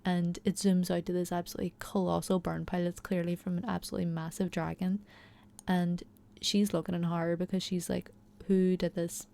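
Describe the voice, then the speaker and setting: A young woman's fairly low, gravelly, mellow voice comes through with flat delivery, a little fast. She's excitedly chatting through a TV episode recap with commentary, relying heavily on fillers like "like" and "you know."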